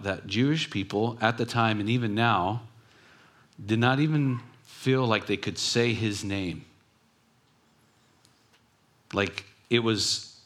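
A man preaching a sermon in an earnest way, often dropping to a soft hush on key words. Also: medium pitch. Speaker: pastor.

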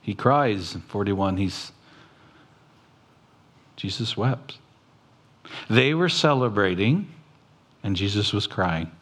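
A pastor preaches slowly in an animated, slightly bright and somewhat rough voice. He quotes scripture and speaks plainly to his congregation, his pitch suddenly rising at times.

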